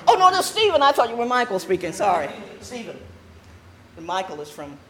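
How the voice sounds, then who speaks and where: An older Southern woman with a mid-range voice gives a dharma talk to a group in a meditation hall, her pitch swooping wildly at a fairly quick pace. She adds playful, laughing asides, and the echoey hall carries faint room noise with a crowd in the background.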